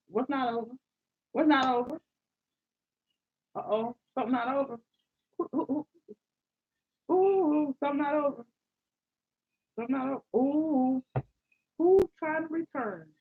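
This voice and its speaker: A woman giving a live tarot reading, animated, exclaiming and repeating phrases to her listeners. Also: high-pitched. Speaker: tarot reader. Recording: dull lo-fi sound.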